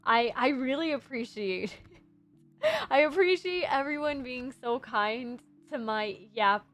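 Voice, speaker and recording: A woman's voice: high-pitched, animated, takes it slowly, fairly bright tone, faint music behind. A young adult woman streaming casually as a VTuber, rambling and giggling while reviewing designs. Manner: rambling, giggly, self-deprecating. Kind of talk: casual livestream chat.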